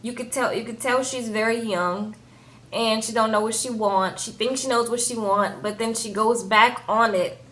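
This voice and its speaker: A woman reviewing a reality show in a casual, animated chat, often tagging lines with "okay?" and "baby". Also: a little high, normal speed.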